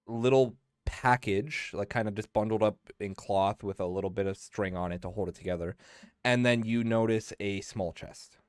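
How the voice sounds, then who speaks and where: A man's voice: on the low side, smooth, no echo, studio quality. A man acting as game master, narrating a tabletop game in a laid-back way with lots of fillers and chuckles.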